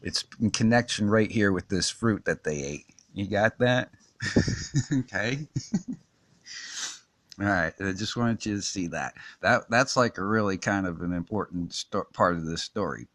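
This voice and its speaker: A man giving a casual Bible lesson while drawing, talking haltingly with many restarts and fillers and chuckling often. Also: lowish voice, fairly bright tone, dry recording. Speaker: teacher.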